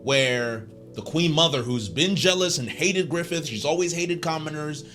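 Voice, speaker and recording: A man giving a casual commentary recap as a video essayist, animated and joking, with a slangy way of talking. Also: a little high, normal speed, soft background music.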